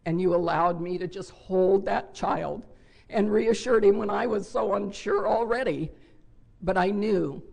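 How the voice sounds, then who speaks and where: An older woman stands at a podium microphone in a hotel ballroom and tells her own story to the room. Her voice has a gravelly, creaky edge. She speaks candidly and from the heart. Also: lowish voice, darkish tone. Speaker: recovery convention speaker. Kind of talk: personal share talk.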